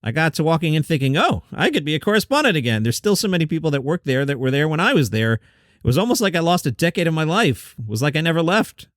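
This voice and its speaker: A man's voice: fairly high pitch, very animated, quick pace, a bit bright, no room sound, studio quality. A man hosting a comedy news roundup, reading out quotes and adding wry, sarcastic asides.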